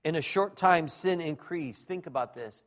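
Middle-aged male pastor, high voice, emphatic sermon delivery with sudden loud peaks. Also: normal speed. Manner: emphatic, swings from quiet asides to shouting.

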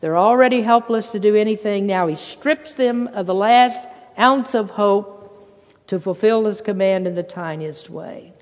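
A preacher delivering a sermon, emphatic, quoting scripture and swinging between loud bursts and hushed passages. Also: mid-range voice, measured pace, long reverb tail. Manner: quotes scripture and acts out voices.

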